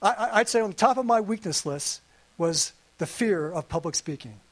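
A man with a high voice preaching to his congregation. He is earnest and conversational, and he slips in playful asides as he goes. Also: expressive, moderate pace. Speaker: pastor. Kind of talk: sermon. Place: church service.

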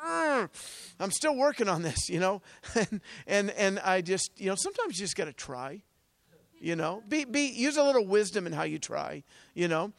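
A man preaching a testimony sermon, telling stories with energy, laughing often and swinging from loud bursts to hushed asides. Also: high voice, normal speed, creaky, dry recording. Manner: energetic storytelling with frequent laughs.

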